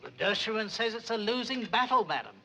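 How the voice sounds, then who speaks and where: Long-suffering butler, starchy formal diction, high bright voice. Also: male voice, lively intonation, quick pace, a little hiss or hum. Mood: dry.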